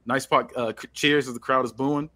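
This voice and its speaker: A man hosting a casual podcast, loosely reading out a storyline with pauses and restarts. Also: mid-range voice, steady tone, sharp tone. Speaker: podcast host.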